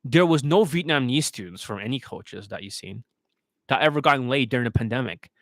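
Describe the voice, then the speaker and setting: A man's voice: mid-range voice, animated, fairly quick, a bit bright, no echo. Profane, ranting man with a dry sound. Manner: profane, scornful, aggressive ranting. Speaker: dating coach. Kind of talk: ranting monologue.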